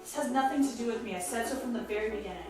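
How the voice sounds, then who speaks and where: A woman's voice: on the high side, rapid-fire, a little mellow, lightly acted. Woman playing a sullen defiant son. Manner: stubborn, refusing. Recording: very echoey room, far mic, music.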